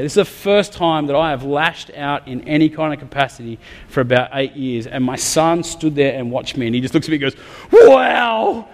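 An Australian man preaching a sermon, talking candidly and conversationally with some humor. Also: mid-range voice. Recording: long reverb of a large hall.

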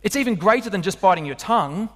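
A man delivers a lively sermon, his voice pitched somewhat high for a man. He keeps turning to the congregation with rhetorical questions. The sound rings on in a large hall with a long reverb. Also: quick pace. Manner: animated, asks the listeners rhetorical questions. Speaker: preacher.

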